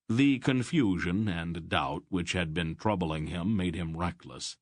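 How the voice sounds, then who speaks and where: A man narrating a fantasy audiobook in an even, measured storytelling voice. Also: sits low, no room sound, clean studio sound.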